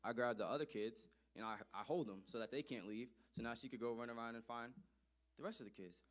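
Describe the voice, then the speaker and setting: A man's voice: mid-range voice, fast. Emphatic man telling a personal story. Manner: animated, emphatic, repeats phrases for effect. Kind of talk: storytelling address to an audience.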